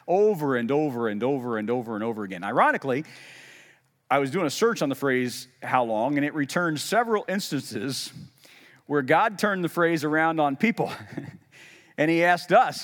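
A pastor preaches a sermon in a casual, conversational way, using self-deprecating humor and lively emphasis whenever he quotes. His voice is medium-pitched and he's speaking in a large hall.

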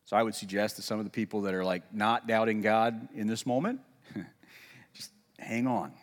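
A man preaching a sermon in a casual, conversational way, with self-deprecating humor and lively emphasis when quoting. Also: on the low side, normal speed, in a large hall. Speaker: pastor.

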